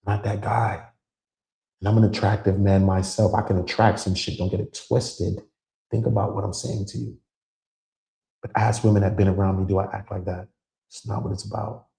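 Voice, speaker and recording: A low-voiced man with a gravelly edge talks straight to his livestream viewers. He preaches with emphasis and leans on words like bro and man as he goes. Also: little pitch movement, normal speed, warm tone. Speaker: channel host. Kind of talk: casual livestream talk.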